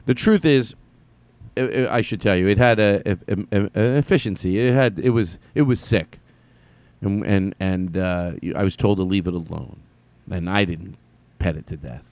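A man's voice: sits low, normal speed, a little mellow, no room sound. A man hosting his podcast, telling stories in a stammering, self-deprecating way. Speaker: podcast host. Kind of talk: rambling comedic monologue.

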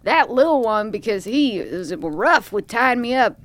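A woman's voice: on the high side, lively intonation, a little slow, no echo. A woman playing a sassy elf grifter. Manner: sassy, drawling improv. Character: brash female elf grifter, cheeky.

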